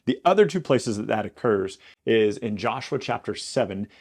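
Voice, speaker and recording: Male Bible teacher, casual and conversational, gravelly voice. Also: on the low side, lively intonation, normal speed. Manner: conversational, self-correcting.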